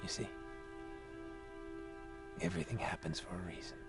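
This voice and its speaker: An actor playing a soft-spoken, menacing middle-aged man who leads a group, his quiet voice breaking a little, in a video game. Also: low voice, moderate pace, over loud music, lightly acted. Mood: sinister. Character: calm menacing middle-aged male cult leader.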